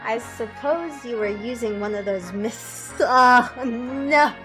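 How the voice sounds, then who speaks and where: A woman's voice: fairly high pitch, lively intonation, takes it slowly, pushed and bright. A woman streaming a game playthrough, chatting casually, often breaking into giggles and teasing the game's lines. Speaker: VTuber streamer. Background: game music.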